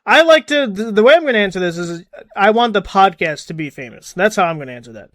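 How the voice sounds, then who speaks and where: A man's voice: sits high, animated, fast, a bit bright, dry recording, studio quality. A man co-hosting a podcast in casual chat, often laughing while he tells stories. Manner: laughs through his own stories. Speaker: podcast co-host.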